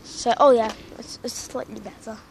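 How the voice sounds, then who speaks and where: A woman's voice: on the high side, fairly even intonation, moderate pace, vocal fry, poor audio. A young woman vlogging casually while walking her dog outdoors, rambling with many fillers and out of breath. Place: outdoors in a park. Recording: loud outdoor noise.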